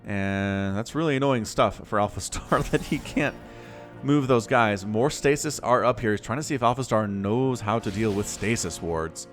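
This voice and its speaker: A man giving lively solo play-by-play commentary on a strategy game match, quick and playful, with laughs and sound effects. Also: fairly low pitch, soft background music. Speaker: game caster.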